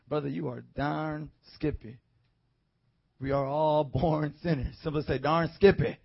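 Fervent male preacher, raspy gravelly voice that climbs to shouts, slightly dull recording. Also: fairly even intonation, normal speed, long pauses. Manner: fervent, swings from low storytelling to shouting praise. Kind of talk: evangelistic sermon.

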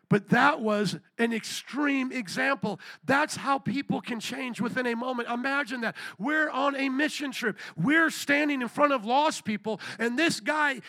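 High, bright-voiced emphatic preacher man. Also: dry recording. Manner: emphatic, conversational preaching with sudden raised shouts. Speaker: pastor. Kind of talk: sermon. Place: church sanctuary.

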